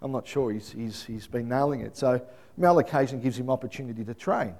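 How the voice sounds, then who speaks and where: A man, middle-aged, preaching a sermon and telling family stories with lively acted-out voices. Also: quick pace. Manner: animated storytelling, acts out voices, high excited calling. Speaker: pastor.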